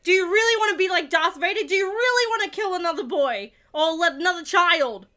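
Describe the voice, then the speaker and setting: High-pitched excitable woman reacting. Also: brisk, hardly any pauses. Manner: excitable, shouts and swears at the screen. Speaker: reaction video host. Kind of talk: live reaction to a TV episode.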